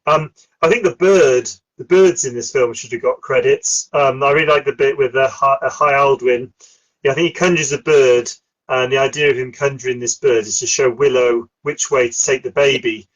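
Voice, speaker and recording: A man's voice: medium pitch, fairly even intonation, normal speed, rough recording. A middle-aged man, chatting casually about films as a podcast host, with lots of fillers and frequent laughs. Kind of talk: casual film chat.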